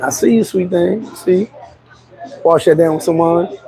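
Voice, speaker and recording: A man's voice: high-pitched, unhurried, vocal fry, a crowd in the background, poor audio. A man vlogging outdoors, chatting casually, joking and telling stories to his viewers. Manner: joking, storytelling, laughs often. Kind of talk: casual street vlog chat. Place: outdoors on a street.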